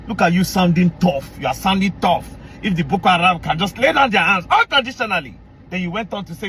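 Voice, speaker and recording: A Nigerian man hosting a commentary vlog, delivering an indignant, animated rant. He repeats phrases and breaks into shouts. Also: high voice, fast talker, slight background noise.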